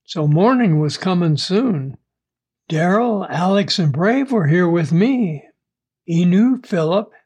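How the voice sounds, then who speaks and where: Slow, high-voiced male storyteller. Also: a little mellow. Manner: slow, measured first-person storytelling. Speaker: narrator. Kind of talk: audiobook story reading.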